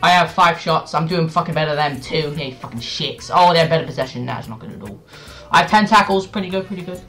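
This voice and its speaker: A young man doing loud gameplay commentary for a football video game, swearing and shouting at the players. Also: on the high side, fast, low-quality recording. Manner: excitable, swears a lot, yells at the game. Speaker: gaming YouTuber. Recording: game music playing behind. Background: soccer game music and commentary.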